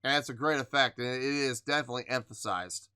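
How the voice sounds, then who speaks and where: A man's voice: mid-range voice, fast talker. A man hosting a music reaction show, talking casually and emphatically as he breaks down what he just heard, at times playfully defiant. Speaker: music reaction channel host.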